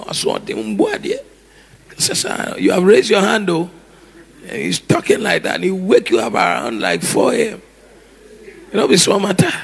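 Husky, gravelly preacher. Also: male voice, high voice, moderate pace. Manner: animated, acts out scenes with shouts and laughter. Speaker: pastor. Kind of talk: sermon.

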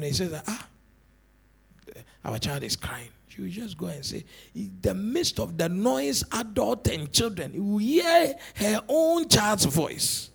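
A male pastor delivers an animated sermon, his high voice full of swoops and swings between shouts and hushed asides. The tone is husky and gravelly, and he repeats words to drive points home. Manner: animated preaching, swinging from loud shouts to low murmurs.

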